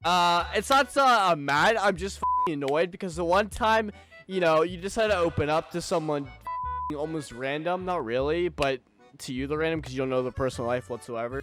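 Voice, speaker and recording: A man's voice: on the high side, lively intonation, moderate pace, over music. A young man doing an angry personal rant as a streamer, agitated and swearing, stumbling over his words as he talks to a desk mic. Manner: agitated, swearing, restarts and stammers.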